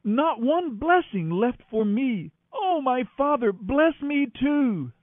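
A man voicing a desperate, bitter young man who pleads and cries out in a strained high voice. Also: sing-song, measured pace, dry recording. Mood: pleading. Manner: pleading, crying out. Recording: tinny phone-like line, faint music.

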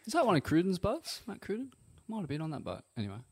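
Easygoing podcast host. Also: male voice, high voice, huge pitch swings, quick pace, a little mellow, husky. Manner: easygoing, prompting with short interjections. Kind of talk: casual interview.

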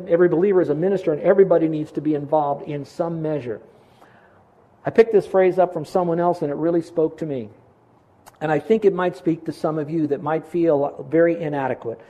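Earnest preaching man, fairly high voice. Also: mellow, lo-fi sound. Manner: earnest, preacherly, slows down for emphasis. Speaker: pastor. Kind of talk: sermon.

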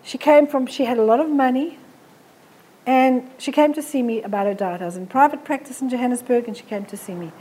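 A woman's voice: on the high side, a little fast, warm tone. A middle-aged woman giving a frank, chatty health talk to an audience. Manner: frank, chatty, mimics people she describes. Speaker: nutrition speaker. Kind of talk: live motivational health talk.

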